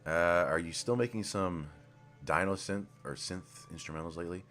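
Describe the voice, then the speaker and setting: A man with an extremely deep voice rambles through casual live-stream commentary at his computer mic. He swears freely and trails off into mumbled asides. Faint game music runs underneath. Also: normal speed, fairly bright tone.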